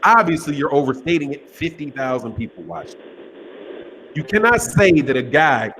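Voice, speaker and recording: A man's voice: on the high side, big pitch swings, moderate pace, fairly bright tone, a little hiss or hum, low-quality recording. A man co-hosting a boxing talk show in casual chat, blunt, profane and incredulous.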